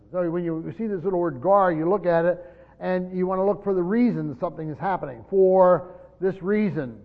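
A man preaching an expository sermon, explaining a text and often repeating words as he goes. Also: on the high side. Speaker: pastor. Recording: muffled recording with long hall reverb.

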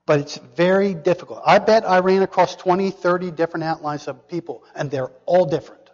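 A man preaching a sermon, asking the congregation questions and dropping to a hushed whisper for emphasis. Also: sits high, brisk, big-room sound, dull audio. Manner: dramatic, drops to a hushed whisper for emphasis, asks the audience questions.

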